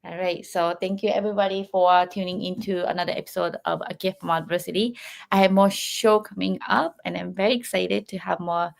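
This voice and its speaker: A woman's voice: fairly low pitch, fairly even intonation, fairly quick, vocal fry. A woman hosting a podcast, closing an interview politely with grateful words and a few hesitant fillers. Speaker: podcast host. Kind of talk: interview wrap-up.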